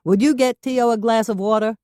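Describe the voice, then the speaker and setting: A woman voicing a calm, kind young male investigator who speaks in a soothing, steady way. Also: a little high, brisk, no echo, clean studio sound, voice pushed up, lightly acted. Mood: calling out.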